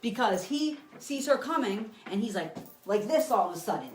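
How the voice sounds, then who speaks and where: Animated, blunt-talking woman psychic medium. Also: fairly high pitch, moderate pace, slight background noise. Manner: animated, blunt and profane, acts scenes out with sound effects; talks to an unseen listener and to viewers. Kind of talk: live psychic reading for viewers.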